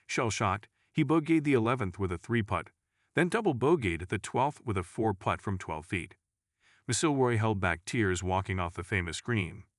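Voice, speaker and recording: A man's voice: on the low side, lively intonation, moderate pace, no echo, clean studio sound. A man reading a sports news article aloud as scripted narration, with dramatic emphasis.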